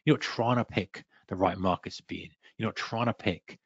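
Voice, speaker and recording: A man's voice: on the low side, brisk, slightly rough, no room sound. A man presents a trading lesson in a webinar. He voices a trader's doubts as quoted asides and slips in playful sound effects. The audio is dull and slightly lo-fi, and the close mic gives a dry sound. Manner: acts out a trader's self-talk in quoted asides. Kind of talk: instructional webinar talk.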